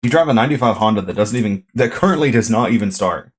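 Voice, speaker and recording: A young man hosting a podcast, chatting in a laid-back way and quick to laugh and joke along. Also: lowish voice, lively intonation, slightly rough. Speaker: podcast host. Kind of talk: casual chat.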